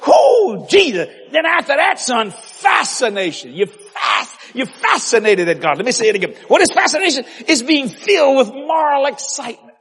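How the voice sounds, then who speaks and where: A male preacher delivering a lively sermon, shouting and laughing, stretching out key words. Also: very high voice, slightly rough. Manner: animated, shouting, laughing, drawn-out emphasis.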